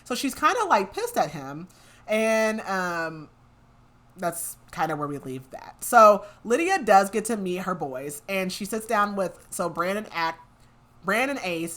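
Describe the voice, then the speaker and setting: A young woman with a slightly low voice talks through a story recap as a podcast co-host. She rambles casually, leaning on "like" between phrases and laughing now and then. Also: fairly bright tone. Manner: chatty, lots of "like" fillers, laughs often.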